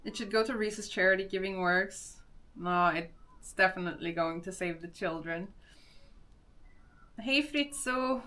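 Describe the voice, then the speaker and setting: A woman's voice: fairly low pitch, measured pace, a bit bright. A young woman with a Swedish accent, chatting casually on a live stream, greeting viewers and laughing often.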